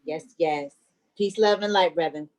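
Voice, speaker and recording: A woman's voice: low-pitched, unhurried, a little mellow, poor audio. Earnest woman hosting an event. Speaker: event host.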